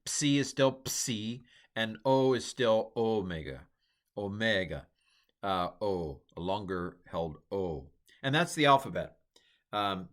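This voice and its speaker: Middle-aged man, lowish voice, casual rambling lecturer with lots of fillers. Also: a bit bright. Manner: rambling, self-deprecating, many fillers. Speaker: teacher. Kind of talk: informal lecture.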